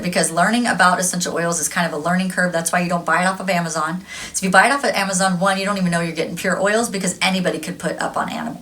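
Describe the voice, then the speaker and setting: A woman's voice: on the low side, a bit bright, low-quality recording. A woman giving a casual tarot reading, chatty and gushing, laughing often. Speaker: tarot reader.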